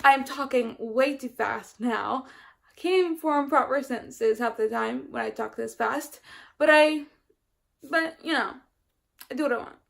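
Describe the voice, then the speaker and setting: A woman's voice: high-pitched, unhurried, vocal fry, a bit bright. A young woman talking casually as a book vlogger, chatty and rambling with many ums and restarts. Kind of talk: casual vlog chat.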